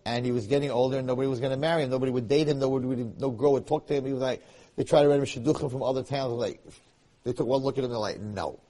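A man giving a Torah lecture, telling a story in an animated way that restarts and repeats phrases often. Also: mid-range voice, racing.

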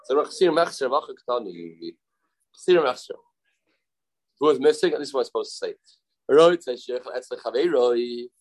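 A man's voice: mid-range voice, lively intonation, poor audio. A man teaching a Talmud study class, explaining in English with Hebrew and Aramaic terms and acting out the speakers he quotes. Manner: halting, self-correcting delivery.

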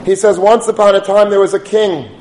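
High-voiced man giving a Torah lecture. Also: fairly even intonation, brisk, darkish tone, roomy sound, a little hiss or hum, low-quality recording. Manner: storytelling, rises to chanting Hebrew liturgy. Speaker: rabbi.

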